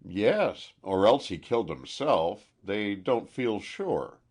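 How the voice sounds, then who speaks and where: A blunt, prying landlady of middle age, read by a male narrator who presses every question home. Her voice sits higher than his own and stays husky. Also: sing-song, slow, darkish tone, exaggerated voice. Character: nosy blunt middle-aged woman landlady.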